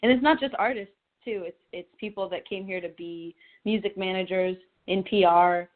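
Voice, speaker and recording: A woman's voice: mid-range voice, normal speed. A young woman from Connecticut, a singer-songwriter, chatting in a phone interview, laughing easily and often restarting her sentences. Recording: tinny phone line.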